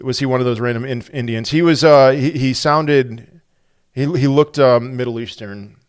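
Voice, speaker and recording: A man with a smooth, clear mid-range voice chatting casually on a livestream from a home desk mic. He thinks out loud in loose, rambling runs. The sound is close and dry. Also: mid-range voice, moderate pace, no room sound. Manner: thinks aloud, rambling with restarts. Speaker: crypto livestream host. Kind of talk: casual livestream chat, reading viewer comments.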